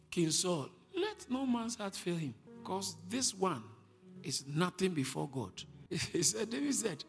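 Male preacher, high animated voice, long hall reverb; quiet teaching that rises to shouted declarations. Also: a little slow, soft background music. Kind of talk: sermon.

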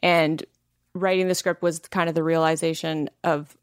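A woman in her thirties from Canada, a podcast guest, with a lowish voice. She talks openly and casually, laughing often and filling her sentences with "like." The sound is dry and close. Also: flat delivery, moderate pace, clean tone, no room sound. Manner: candid, laughs often, many filler "like"s. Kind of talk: casual interview chat.

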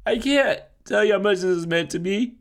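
A man co-hosting a podcast, crying as he speaks haltingly, full of fillers and teary laughs. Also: sits high. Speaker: podcast co-host. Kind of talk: emotional podcast farewell.

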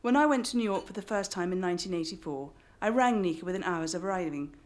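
A woman's voice: fairly low pitch, expressive, quick pace. An English woman reading her memoir aloud to a live audience, with wry joking asides between passages. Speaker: author.

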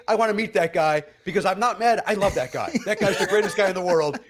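A man, a comedian, telling stories in a casual podcast chat, with loud acted-out quotes, many fillers and restarts, and frequent laughter. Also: high-pitched, fast talker, few pauses. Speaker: comedian guest.

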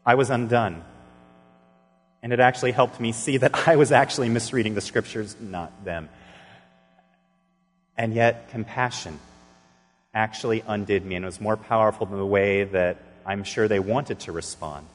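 A man's voice: fairly low pitch, moderate pace, faint music behind. A man preaching a sermon as pastor, earnestly telling stories and acting out the dialogue in them. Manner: earnest storytelling, acting out dialogue with sudden bursts. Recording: long reverb of a large hall.

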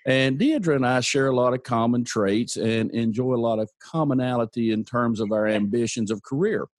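A man's voice: mid-range voice, normal speed, no echo. Upbeat male podcast host, dry sound. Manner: upbeat, encouraging, playful. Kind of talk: motivational interview talk.

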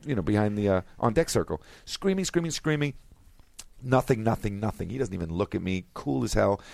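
Male podcast guest, lowish voice, excitable, loose and casual. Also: brisk, vocal fry, dry recording. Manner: excitable, loose, peppered with "man" and "bro". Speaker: actor guest. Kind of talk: casual chat, telling anecdotes.

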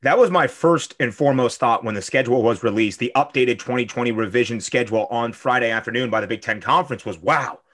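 Upbeat quick-talking man co-hosting a podcast. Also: medium pitch, fairly bright tone. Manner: upbeat, enthusiastic, joking. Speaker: guest co-host. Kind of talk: casual sports podcast chat.

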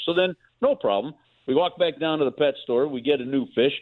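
A man's voice: medium pitch, fast. Chatty man on a tinny phone line. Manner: chatty, repeats words, animated storyteller. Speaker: team play-by-play broadcaster, guest. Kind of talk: casual phone-in chat, storytelling. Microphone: phone call.

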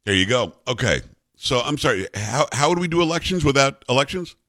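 A man's voice: mid-range voice, big pitch swings, sharp tone, no echo. A man hosting a talk radio show, who grew up in South Florida, giving emphatic, opinionated commentary. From South Florida, USA. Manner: emphatic, ranting, rapid-fire delivery.

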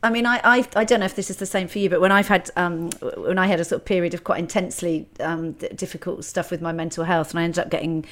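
A middle-aged woman speaks openly on a podcast, working through her thoughts with frequent restarts. Her voice sits slightly low. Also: fairly even intonation, quick pace, few pauses, fairly bright tone. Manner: candid, reflective, many restarts. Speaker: podcast host. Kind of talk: casual conversation.

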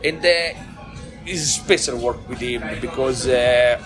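Italian man in halting, broken English. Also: medium pitch, music in the background. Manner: halting broken English, many restarts, laughs often. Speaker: team manager. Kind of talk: post-race interview.

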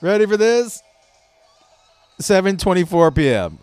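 A man hosting a comedy podcast, telling stories in a profane, animated way and laughing at his own jokes. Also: sits high, unhurried, clear, resonant tone, dry recording. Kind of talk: casual comedic monologue. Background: faint rock music playing.

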